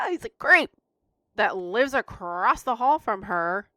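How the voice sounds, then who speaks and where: A woman's voice: high-pitched, huge pitch swings, slow, creaky, bright, forceful tone, no echo. A woman co-hosting a podcast, chatting enthusiastically and giggling often. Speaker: podcast co-host. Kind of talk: casual chat.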